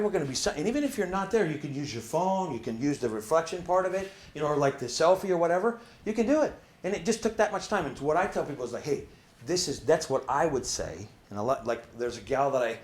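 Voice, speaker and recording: A man's voice: mid-range voice, echoey room. A man giving a casual motivational talk, telling stories and acting out the voices of the people in them, with frequent "right?" asides. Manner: animated storyteller, acts out quoted voices, many "right?" asides. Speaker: motivational speaker.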